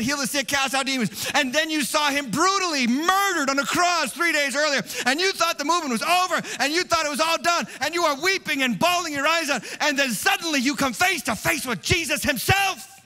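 A man preaching an Easter sermon as pastor, animated, dropping to a hush and then rising loud and fast. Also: extremely high pitch, big-room sound. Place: large church hall.

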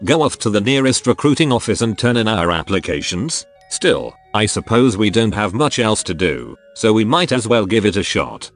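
A man's voice: fairly low pitch, big pitch swings, normal speed, hardly any pauses, faint music behind. A male text-to-speech voice reading the lines of a sarcastic, scheming nobleman in an audio story. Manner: dry, sarcastic.

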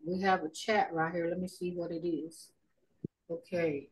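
Woman, middle-aged, slow unhurried speech, folksy teacher, lots of ums, video call sound. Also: fairly low pitch, flat delivery, low-quality recording. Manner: unhurried, folksy, thinks aloud with many fillers. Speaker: language teacher. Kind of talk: casual online language class.

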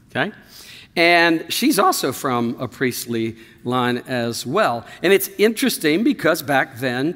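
A man's voice: mid-range voice, sharp tone, long reverb tail. A man preaching a sermon as pastor of a church, in a conversational way, with fillers and asides. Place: church sanctuary.

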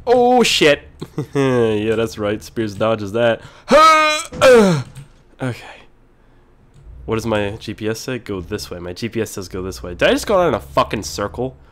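A man hosting a casual let's-play video while sick, clearing his throat often, excitable and quick to yell and swear when things go wrong. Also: fairly low pitch. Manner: excitable, swears and yells at mishaps. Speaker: gaming video host.

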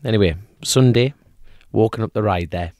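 A man co-hosting a podcast, telling a long joke in a lively, repetitive way. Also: lowish voice, normal speed, dry recording. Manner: animated storyteller, repeats himself, acts out voices. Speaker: podcast co-host.

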